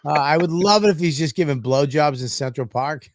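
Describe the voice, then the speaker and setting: A man with a fairly high, brisk voice co-hosts a comedy podcast, trading crude banter and laughing often in casual comedy chat.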